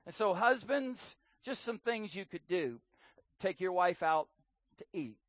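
A man preaching a sermon on marriage in an earnest way, repeating words for emphasis and swinging between loud and soft. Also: high-pitched, animated, measured pace, no room sound, muffled recording.

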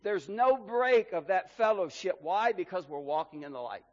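A man preaches to his congregation, pushing some phrases out loudly and dropping others nearly to a murmur. His voice sits high for a man. The recording is dull and carries the long echo of a church hall. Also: expressive, moderate pace. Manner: preaching with emphatic rises and drops in volume. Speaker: pastor. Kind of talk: sermon.

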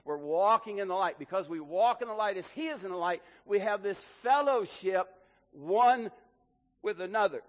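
A man preaches to his congregation, pushing some phrases out loudly and dropping others nearly to a murmur. His voice sits high for a man. The recording is dull and carries the long echo of a church hall. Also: animated, normal speed. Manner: preaching with emphatic rises and drops in volume. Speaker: pastor. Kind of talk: sermon.

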